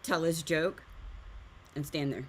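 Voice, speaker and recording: A woman's voice: low voice, slow pace, a little hiss or hum. A woman hosting a live art stream, chatting casually while teaching drawing and often laughing at herself.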